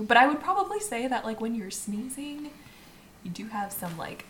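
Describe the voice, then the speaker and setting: Brief: a woman resident doctor on a chat podcast, mid-pitched, hedging and laughing, slight background hiss. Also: very animated, moderate pace, fairly bright tone. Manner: tentative, hedging with frequent "like", laughs often. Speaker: medical resident guest.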